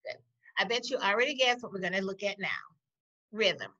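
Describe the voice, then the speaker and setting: A woman teacher giving a recorded poetry lesson, talking slowly and deliberately and pausing to question the class. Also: mid-range voice, sharp tone. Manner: slow, deliberate, with pauses. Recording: dull lo-fi audio.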